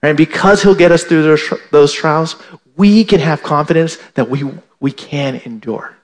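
A man with a fairly high voice preaches to his congregation. He tags many points with a quick "right?" and says key lines twice. Now and then he raises his voice to act out an indignant listener. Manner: repeats "right?" to the congregation, emphatic restatements. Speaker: pastor. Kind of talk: sermon.

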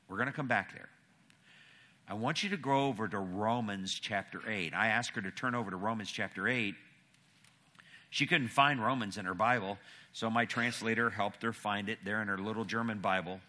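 Low-voiced preacher telling a story. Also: male voice, sharp tone. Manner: storytelling, emphatic. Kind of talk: sermon.

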